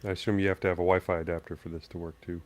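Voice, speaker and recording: A man's voice: deep voice, flat delivery, racing. A man co-hosting a podcast, chatting casually and ribbing his co-host. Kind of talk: casual chat.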